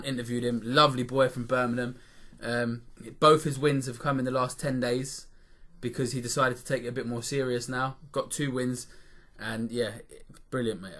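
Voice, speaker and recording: A podcast co-host with a medium-pitched, fairly bright voice tells stories in casual chat, rambling and swearing as he goes.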